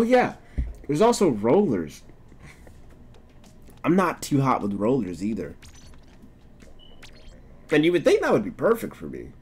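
A young man streaming a game, chatting casually, swearing often and breaking into laughter and excited outbursts. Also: medium pitch, slightly rough. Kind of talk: casual gameplay commentary.

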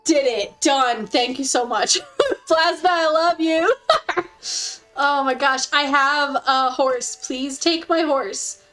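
Woman streamer, high voice, excitable and giggly, casual game commentary, faint music behind. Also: slow, poor audio. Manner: excitable and giggly, coos softly at the horse.

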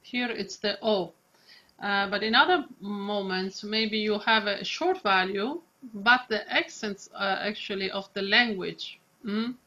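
A woman's voice: medium pitch, bright, forceful tone, muffled recording. A woman coaching a singing student, demonstrating phrases with long, stretched vowels. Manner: demonstrates lines slowly, drawn-out Italian vowels. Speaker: vocal coach. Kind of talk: singing lesson.

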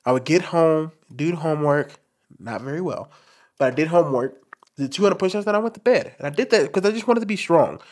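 Expressive man with a light, lively voice. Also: on the high side, brisk. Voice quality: light, soft voice he calls feminine. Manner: expressive, talks with his hands, candid and forward. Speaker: commentary channel host. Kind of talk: personal monologue to camera.

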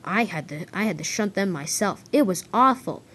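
A woman's voice: medium pitch, lively intonation, normal speed, a bit bright. A woman voicing a boastful, grumpy big male engine in a toy train story, talking in a huffy, defensive way.

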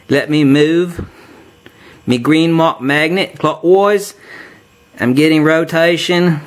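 Slow-talking man demonstrating with a jokey "mate". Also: a little high. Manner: jokey, slips into a mock Australian "mate"; repetitive, step-by-step explaining. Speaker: science demonstrator. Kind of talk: hands-on tabletop demonstration lesson.

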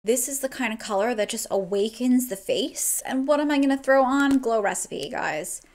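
At home indoors, a young beauty vlogger from New Jersey talks casually through a makeup tutorial, gushing and swearing as she goes. She speaks at normal speed in a fairly high, slightly mellow voice.

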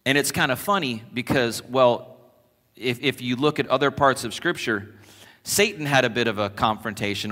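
A man preaching a sermon as pastor, animated and conversational, telling stories to his congregation in a church sanctuary. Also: medium pitch. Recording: long church reverb.

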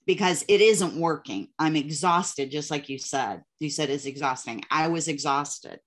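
A woman's voice: low-pitched, moderate pace. An older woman hosting a video interview, speaking emotionally and candidly with frequent laughter. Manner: emotional, laughs often, animated retelling. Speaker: host. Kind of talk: casual interview chat. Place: video call.

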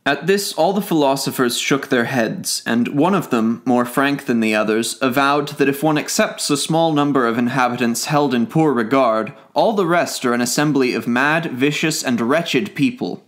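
Guy reading an old classic book out loud, even clear storyteller voice, medium pitch. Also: moderate pace, few pauses. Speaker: audiobook reader. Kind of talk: classic literature audiobook narration.

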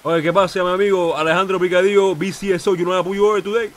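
Guy doing a high quick cop, broken english, thick put-on accent, spanish words thrown in. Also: little pitch movement, a little hiss or hum, natural voice. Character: boastful immigrant cop, broken English, male adult. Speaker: police officer. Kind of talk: role-play game chat.

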